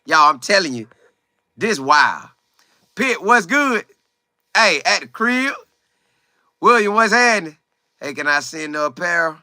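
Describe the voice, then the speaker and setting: A man hosting a casual football livestream, greeting viewers by name and talking in animated, quick bursts. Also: sits high, no echo, studio quality. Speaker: livestream host. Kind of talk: casual live chat about football.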